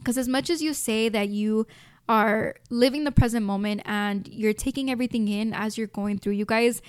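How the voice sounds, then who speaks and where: A woman's voice: a little high, fairly even intonation, moderate pace, clear, resonant tone, no echo, studio quality. A young adult woman with a Mexican American accent hosting a podcast, talking heartfelt and reflective to her listeners, choked up with emotion. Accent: Mexican American English with Spanish mixed in. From United States. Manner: heartfelt, talks straight to listeners as "you guys". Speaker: podcast host. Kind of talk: reflective casual monologue.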